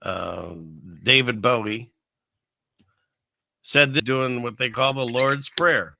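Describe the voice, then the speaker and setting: A man talks casually to his livestream chat, wandering from point to point and reading scripture aloud. His voice has a gravelly fry and a sharp, bright edge. The sound is dry and close, with no room around it. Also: mid-range voice, takes it slowly, dry recording. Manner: rambling, conversational, reads verses aloud. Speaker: live stream host.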